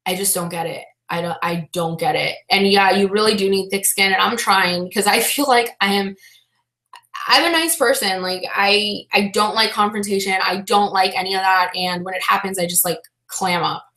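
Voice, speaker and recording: A woman's voice: mid-range voice, fairly even intonation, moderate pace, sharp tone. Young woman rambling on a livestream, lots of "like" and "um", echoey room. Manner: chatty, many fillers, reads chat aloud. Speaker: vlogger. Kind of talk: casual livestream chat.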